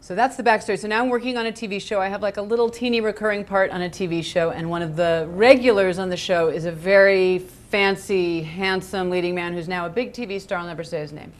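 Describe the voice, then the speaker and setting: A middle-aged woman telling a comic anecdote as a game show guest, wry and understated, with sudden high jumps when she quotes her own reactions. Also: fairly even intonation, fast talker, hardly any pauses.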